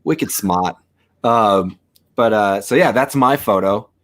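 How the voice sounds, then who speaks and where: A man co-hosting a camera shop chat on a video call, relaxed and rambling with plenty of fillers. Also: lowish voice, measured pace.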